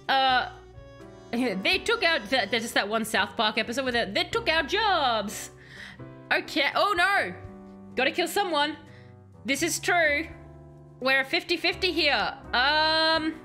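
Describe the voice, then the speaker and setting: A woman streaming a game, chatting with viewers and reading game text aloud in a chatty, animated way. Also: high voice. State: has a headache. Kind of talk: casual game commentary with chat.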